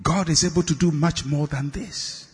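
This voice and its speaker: A man preaching a sermon with passion, climbing to shouts and sinking low on his repeated refrains. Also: moderate pace. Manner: impassioned, rising to shouts and dropping low on refrains. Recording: long hall reverb.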